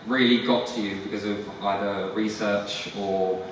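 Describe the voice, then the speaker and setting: A man's voice: lowish voice, steady tone, a little slow. A man in the audience asking a panel question, hesitant with fillers. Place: large convention hall. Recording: echoey hall, far from mic, faint hiss.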